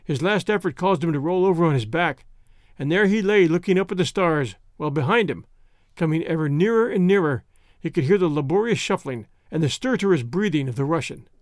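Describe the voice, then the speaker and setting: A man's voice: fairly high pitch, animated, a little fast, no echo. Man reading a story in a dry studio. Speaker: audio story host and reader. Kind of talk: scripted narration.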